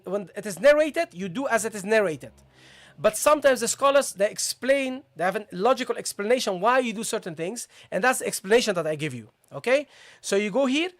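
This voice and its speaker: Patient teacher drilling recitation sounds. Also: medium pitch. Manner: patient, drills syllables by repeating them aloud; addresses viewers as "guys" and checks understanding. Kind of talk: live online tajweed lesson.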